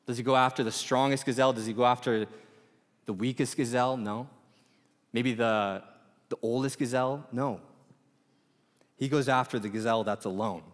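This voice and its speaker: Male pastor in his thirties, easygoing conversational preacher, big reverberant room. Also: mid-range voice. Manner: casual, animated preaching with many fillers. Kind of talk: sermon. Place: church auditorium. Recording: reverberant church hall.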